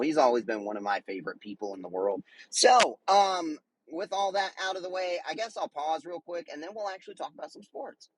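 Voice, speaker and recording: A man's voice: fairly high pitch, fairly bright tone, slight background noise, rough recording. A man hosting a casual solo sports podcast, talking in an enthusiastic, rambling way with many fillers and restarts.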